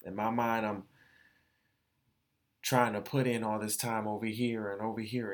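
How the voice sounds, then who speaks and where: A man's voice: fairly low pitch, level tone, a little slow, long pauses. A young adult man hosting his own podcast, speaking in a candid, profane, emotional monologue and repeating phrases as he vents. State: tearful. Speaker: podcast host.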